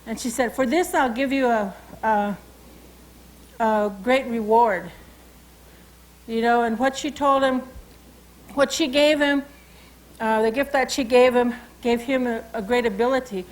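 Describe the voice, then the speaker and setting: A woman's voice: fairly high pitch, steady tone, measured pace, long pauses, rough recording. A woman with a Salish accent, telling a traditional story and teaching animal names in a loose, informal way, often saying "you know" and "okay.". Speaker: cultural educator.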